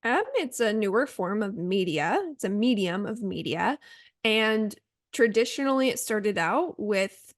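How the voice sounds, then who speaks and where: Speaking in a mid-range, expressive voice, this podcast co-host is a young adult woman from Oregon. She keeps the casual conversation chatty and upbeat, tossing in quick asides, and the recording is dry and studio-clean.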